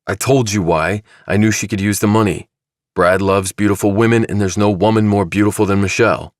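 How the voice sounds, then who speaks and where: A man's voice: fairly low pitch, steady tone, brisk, dry recording, studio quality, pitched above the performer's own voice, natural voice. A male narrator playing a defensive, cornered young man in an audiobook, speaking in tense, snapping lines. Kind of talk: audiobook dramatization.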